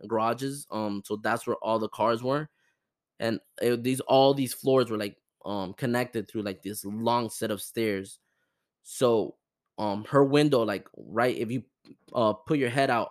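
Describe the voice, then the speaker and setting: A young man hosting a podcast, telling a family ghost story in a casual, animated way, with lots of fillers, restarts and swearing. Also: mid-range voice. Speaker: podcast host.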